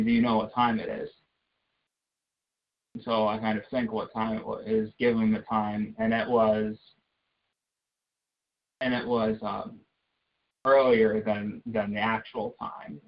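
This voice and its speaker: A man giving a halting, hesitant testimony before a congregation, with many restarts. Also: on the low side, vocal fry. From United States. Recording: dull lo-fi recording.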